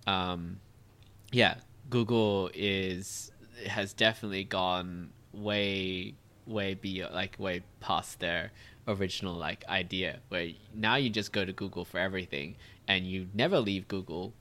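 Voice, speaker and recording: Bright-voiced man chatting casually. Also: low-pitched, fairly even intonation, a little slow. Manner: rambling, many fillers and restarts. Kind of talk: casual chat.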